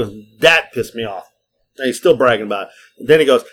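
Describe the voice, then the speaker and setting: Middle-aged male host, casual, cusses freely, animated storyteller. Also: medium pitch, rapid-fire. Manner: profane, lively storytelling. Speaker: podcast host.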